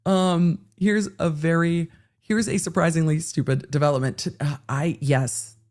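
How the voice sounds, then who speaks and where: A woman hosting a casual livestream about a court case, telling stories in a lively, swearing, animated way. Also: low voice, unhurried. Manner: animated, swearing, storytelling with acted quotes. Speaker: legal commentary livestream host.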